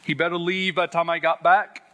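A man's voice: fairly high pitch, flat delivery, fairly quick, pushed and bright. A man earnestly telling his personal faith testimony, stressing words and repeating them for weight. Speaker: Christian sharing a testimony.

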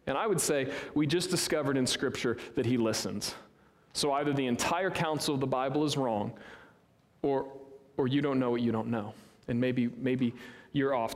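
Earnest preacher in a reverberant hall. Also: male voice, medium pitch. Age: 30s. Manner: earnest, conversational preaching with sudden rises and hushed drops. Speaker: pastor. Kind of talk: sermon. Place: church sanctuary.

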